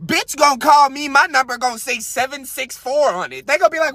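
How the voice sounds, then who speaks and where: A man hosting a podcast, giving crude, comedic commentary on a story he reads out. He swings between loud outbursts, quiet mutters and laughing at his own jokes. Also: very high-pitched, fairly quick, no room sound. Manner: crude, loud, cracks himself up, trails into mutters. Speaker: podcast host.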